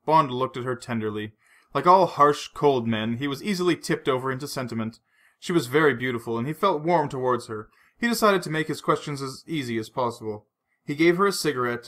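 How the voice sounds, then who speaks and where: Guy reading a novel out loud, steady and measured, bright kinda sharp voice. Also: medium pitch. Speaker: audiobook narrator. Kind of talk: scripted narration.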